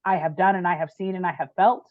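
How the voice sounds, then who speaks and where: A woman's voice: lowish voice, fast talker, no echo, phone-quality sound. Chatty woman telling a story. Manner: animated, chatty, frequent "like" and "right?". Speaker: podcast guest. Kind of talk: personal storytelling in conversation.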